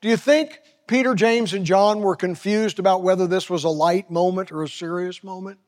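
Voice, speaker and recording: A man in his seventies preaching a sermon dramatically, dropping to hushed tones and rising to a raised voice. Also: high-pitched, fairly even intonation, moderate pace. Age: 70s. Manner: dramatic, swinging from hushed near-whisper to raised voice. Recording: long reverb of a large hall.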